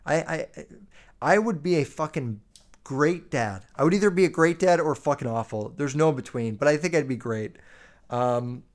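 A man in his twenties with a fairly high voice and lively intonation rants bluntly on his solo podcast at a moderate pace. It's a casual rant full of heavy swearing and plenty of fillers.

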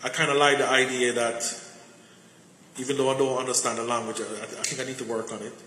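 Guy preaching casually, trips over his words a lot, bright tense voice, big echoey hall. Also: medium pitch, level tone, fast talker. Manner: repeats words while searching for them. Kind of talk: conversational sermon with personal stories. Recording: echoey hall with faint noise.

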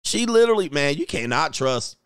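Loud, animated, crude male commentator. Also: fairly high pitch, brisk, gravelly, clear, resonant tone, dry recording, clean studio sound. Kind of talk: casual reaction commentary.

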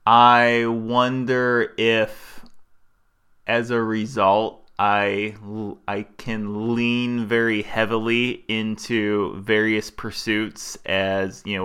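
A man's voice: fairly low pitch, flat delivery, takes it slowly, pushed and bright, smooth. A man co-hosting a podcast, talking in a thoughtful, searching way, often stopping and restarting his sentences. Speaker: podcast co-host. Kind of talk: reflective podcast discussion.

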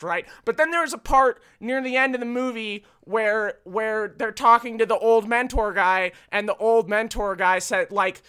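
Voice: medium pitch, pushed and bright, clear, resonant tone. A podcast host rambling through a casual, profane film review, laughing often.

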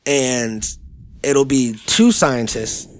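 A man's voice: medium pitch, lively intonation, very slow. A man from California hosting a casual podcast chat, rambling, joking and swearing loosely. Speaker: podcast host.

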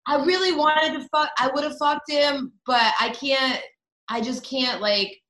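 A woman's voice: high-pitched, steady tone, unhurried, fairly bright tone. A woman comedian telling a story bluntly and candidly as a podcast guest. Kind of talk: casual storytelling. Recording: roomy echo.

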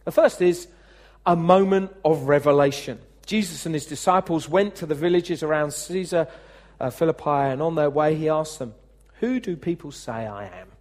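A pastor with a slightly high voice preaches at a moderate pace, chatting conversationally and putting questions to the congregation. He is lively and acts out the speech he quotes.

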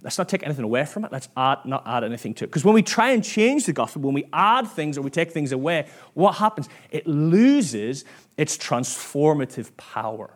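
A man's voice: fairly high pitch, big pitch swings, brisk. A man preaching a sermon in church, chatty and self-mocking, acting out quoted voices as he tells stories.

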